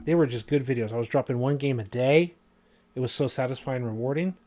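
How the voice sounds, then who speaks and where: A man's voice: mid-range voice, fast talker, warm tone. A man giving casual, rambling commentary over a video game, full of fillers and asides. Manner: rambling, filler-heavy, conversational.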